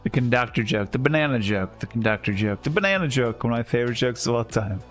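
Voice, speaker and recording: A man's voice: medium pitch, expressive, fast talker, a bit bright, faint music behind. A man livestreaming a game, telling dad jokes in a rambling, self-amused way. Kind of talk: casual chat while gaming.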